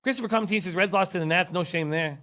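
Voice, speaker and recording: A man's voice: high-pitched, fast, a bit bright. A man hosting a sports betting show, losing his voice, reading viewer comments and rattling off stats. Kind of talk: casual sports betting talk.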